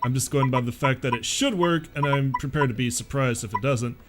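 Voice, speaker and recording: A man's voice: mid-range voice, brisk. A man hosting a let's play, chatting casually and thinking aloud as he plays. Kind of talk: casual game commentary. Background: game music.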